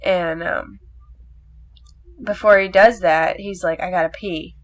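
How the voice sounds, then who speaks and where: A woman's voice: fairly low pitch, fairly even intonation, slow pace. A young woman in casual chat, rambling animatedly through a movie plot, full of swearing and filler words.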